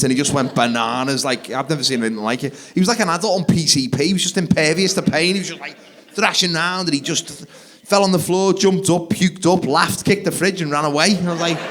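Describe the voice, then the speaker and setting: Guy doing stand-up on stage, lively, jumps into silly voices, kinda high voiced. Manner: animated, acts out kids and wife in quick voices. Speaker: stand-up comedian. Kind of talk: stand-up comedy storytelling. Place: live theatre stage.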